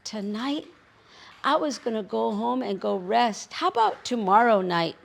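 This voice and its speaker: A wise, calm roadrunner woman in a spoken folk tale, as a woman storyteller puts her on. She speaks patiently and gently firm, with a gravelly grain to her voice. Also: a little high, unhurried, voice pushed up, exaggerated voice. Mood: reluctant.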